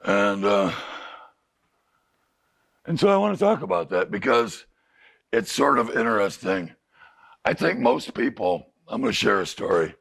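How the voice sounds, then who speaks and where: A man's voice: on the low side, huge pitch swings, a little slow, creaky, pauses often, a bit bright. A middle-aged male addiction counselor talking candidly to a recovery group, often asking them rhetorical questions. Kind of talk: group talk to clients. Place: recovery house group room.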